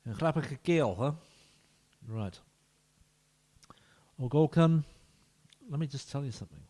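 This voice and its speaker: A man's voice: mid-range voice, lively intonation, unhurried, a little mellow. A man, streaming a football management game and talking playfully to each player, often dropping to a whisper. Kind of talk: live-streamed game commentary.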